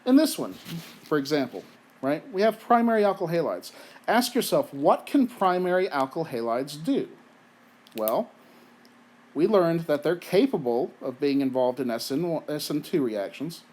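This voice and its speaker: A chemistry teacher gives a recorded lecture conversationally, asking rhetorical questions and often checking in with "right?" while he has the hiccups. His voice is on the high side and darkish, with big pitch swings and a moderate pace.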